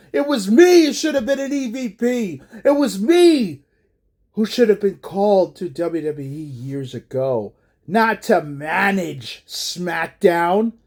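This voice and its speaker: A man's voice: high-pitched, exaggerated voice. A man doing a ranting bitter wrestling boss. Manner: ranting, raising voice to shouts.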